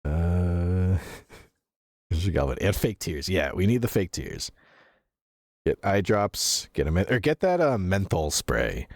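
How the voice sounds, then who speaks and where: Deep-voiced man chatting with viewers. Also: sing-song, slow, dry recording, studio quality. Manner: laughs often, swears casually; rambling, with fillers and self-corrections. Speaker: streamer. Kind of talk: casual chat reading viewer messages.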